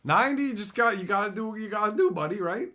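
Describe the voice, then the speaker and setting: Excitable man spinning a gaming story. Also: sits high. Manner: playful, excitable, slips into voices. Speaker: channel host. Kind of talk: animated storytelling.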